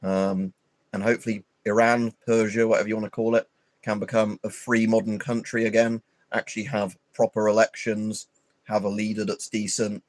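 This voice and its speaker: A man's voice: fairly low pitch, level tone, normal speed, no room sound. A man hosting a livestream, rambling and swearing in an opinionated, casual chat full of fillers. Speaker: livestream host.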